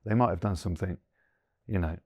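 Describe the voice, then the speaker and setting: A man's voice: sits low, brisk, darkish tone, husky, dry recording, clean studio sound. A man in his forties, a guest in an interview, talking earnestly and thinking aloud with many fillers. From England. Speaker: guest, former rugby player. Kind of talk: reflective interview conversation.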